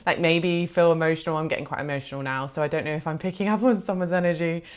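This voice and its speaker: A woman giving a gentle, reassuring pick-a-card tarot reading, heartfelt and full of soft fillers. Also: deep voice, fairly even intonation, rapid-fire, clean tone. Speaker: tarot reader.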